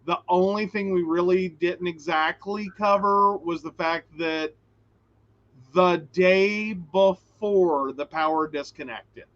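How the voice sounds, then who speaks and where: A man with a high, bright voice chats in a lively, animated way as co-host of a live stream. He reads out viewer questions between his stories. The audio is dull and lo-fi, like a video call. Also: takes it slowly. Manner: chatty, animated storytelling.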